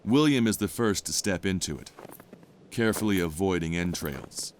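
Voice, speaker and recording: Deep-voiced male drama narrator. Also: lively intonation, a little hiss or hum. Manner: measured, descriptive. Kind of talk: scripted narration of an audio drama.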